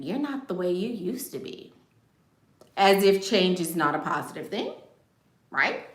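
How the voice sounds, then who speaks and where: Sassy, lively woman in a roomy echo. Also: lowish voice, measured pace, pauses often. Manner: blunt, sassy, joking, laughs often. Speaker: livestream host giving life advice. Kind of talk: casual livestream advice talk.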